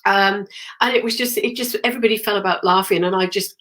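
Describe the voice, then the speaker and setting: A middle-aged woman with a cold, clearing her throat often as she hosts a rambling, chatty live stream about her work as a medium. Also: medium pitch, steady tone, quick pace, a bit bright. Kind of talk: casual live-stream chat.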